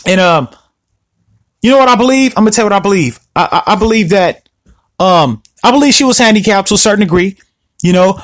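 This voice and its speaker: A man hosting a solo podcast, ranting in an animated, repetitive, confrontational way. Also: high voice, fairly quick, no echo. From Southern California. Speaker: podcast host.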